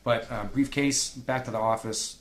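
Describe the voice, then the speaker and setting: A man's voice: medium pitch, steady tone, moderate pace, echoey room. A man casually reviewing rap battle verses, laid-back and profane, sometimes stumbling as he reads lines aloud.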